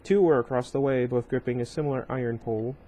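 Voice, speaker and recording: A man's voice: medium pitch, fast talker, warm tone. A man casually reading a novel aloud at home, breaking off often for rambling side comments full of fillers. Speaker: reader of a book series.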